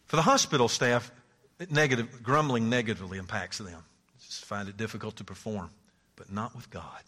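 A man preaching a sermon in a bright, forceful voice that rings out in a reverberant hall. He swings from loud, high exclamations to hushed, near-whispered asides and laughs often as he talks. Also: brisk. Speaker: pastor.

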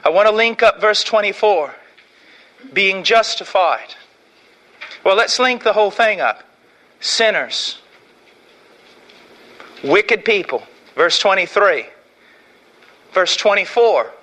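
A middle-aged man preaching an impassioned sermon, swinging from hushed, slow lines to shouted ones. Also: high-pitched, lively intonation.

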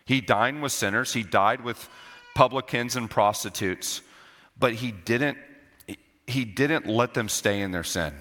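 Emphatic preacher, bright voice in a hall. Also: male voice, a little slow. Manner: emphatic, repeats key phrases, swings between loud and low. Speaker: pastor. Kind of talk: sermon. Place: church sanctuary. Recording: long church hall reverb.

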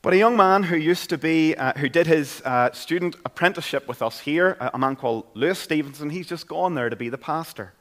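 A man's voice: on the high side, fairly quick, few pauses, a bit bright. A man with a Northern Irish accent preaching a sermon in a church, in an earnest, conversational way. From Northern Ireland. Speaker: pastor.

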